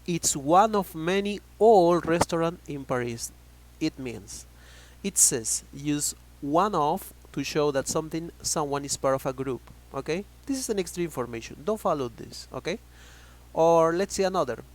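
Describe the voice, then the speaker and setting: A man's voice: on the high side, lively intonation, rough recording. A man teaching an online English grammar lesson, drawing out example words and checking in with "okay?". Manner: repeats words slowly, checks in with frequent "okay?".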